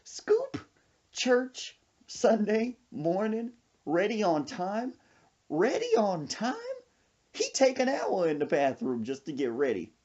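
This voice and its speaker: Guy doing a high squeaky old grandma, breathless and giggly, kinda dull lo-fi sound. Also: wildly swooping pitch, slow, a little mellow, exaggerated voice. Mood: teasing. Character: old woman, a laughing grandma.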